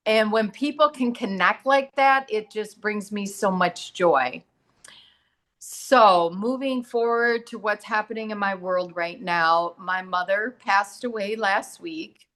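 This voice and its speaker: Measured in pace, her mid-range voice a bit bright, a middle-aged medium and massage therapist chats as a guest on a casual talk show. She tells her stories earnestly and performs the voices of the people she quotes.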